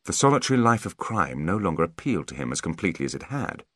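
Low, expressive male audiobook narrator. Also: no echo, clean studio sound. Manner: expressive, measured storytelling. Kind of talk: scripted narration.

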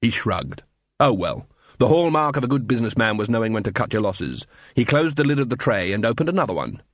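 Husky man narrating a storybook. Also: mid-range voice, sing-song, fairly quick, fairly bright tone, no echo, clean studio sound. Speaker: audiobook reader. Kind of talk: scripted narration.

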